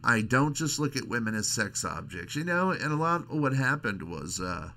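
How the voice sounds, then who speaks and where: Gravelly-voiced man rambling on his show. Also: mid-range voice, very animated, pushed and bright. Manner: rambling, crude, halting with restarts. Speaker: podcast host. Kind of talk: casual monologue.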